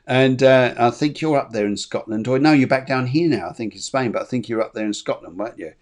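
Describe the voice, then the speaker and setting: Man, medium on a live reading show, chatty and repetitive, mid-pitched voice, quotes the spirits. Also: quick pace. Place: lives in Spain.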